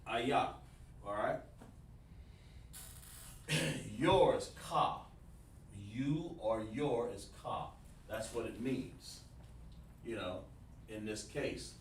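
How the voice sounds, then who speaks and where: A man teaching a livestreamed language lesson, explaining slowly and repeating himself while talking to the chat. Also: medium pitch, animated. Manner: slow, repetitive explaining, addresses the chat. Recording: roomy, mic at a distance, faint noise.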